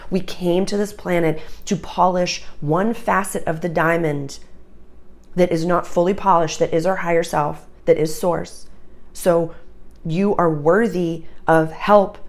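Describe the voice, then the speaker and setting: A woman's voice: fairly low pitch, steady tone, a little slow, a little mellow. A woman giving a channeled tarot reading to camera, urgent, emotional and earnest, with many fillers. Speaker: astrology and tarot reader.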